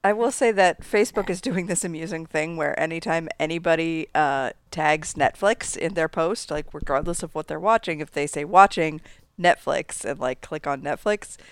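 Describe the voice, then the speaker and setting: A woman's voice: deep voice, normal speed, smooth, dry recording, clean studio sound. A woman co-hosting a casual chat show, wry and amused. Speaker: podcast co-host.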